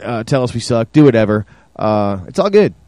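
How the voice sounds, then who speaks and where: A male podcast co-host chats loosely, rambling with plenty of fillers and swearing. His voice sits at an ordinary male pitch. The recording is dry and close. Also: big pitch swings, a little fast, darkish tone, no echo. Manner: rambling and profane, many fillers. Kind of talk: casual chat.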